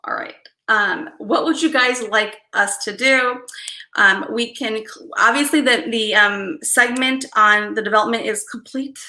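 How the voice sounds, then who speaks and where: Woman host, bright, slightly high voice, chatty and quick to laugh, echoey room. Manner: chatty, apologetic, laughs easily. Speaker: livestream host doing card readings. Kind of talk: casual live-stream chat.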